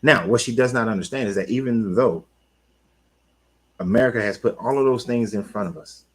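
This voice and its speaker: A man talking casually on his own, an animated coach who repeats himself and talks back to the listener. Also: fairly low pitch, a little fast, slightly rough, low-quality recording. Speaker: life coach. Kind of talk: casual monologue.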